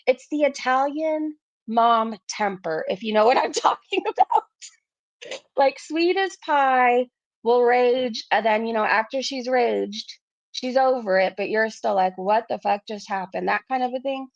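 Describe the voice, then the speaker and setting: A woman's voice: on the high side, unhurried, no echo, highs cut off. A woman in her forties hosting a casual livestream. She chats, reads viewer messages aloud and often laughs at herself. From Canada. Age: 40s. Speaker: YouTube livestream host.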